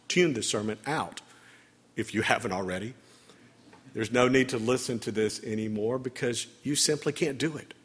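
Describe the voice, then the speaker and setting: Husky-voiced man preaching in a reverberant church. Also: medium pitch. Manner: conversational, gently humorous preaching. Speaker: priest. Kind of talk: sermon. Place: church sanctuary.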